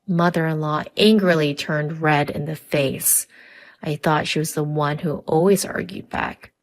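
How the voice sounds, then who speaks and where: A woman telling a first-person family drama story in scripted, even narration. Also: sits low, measured pace.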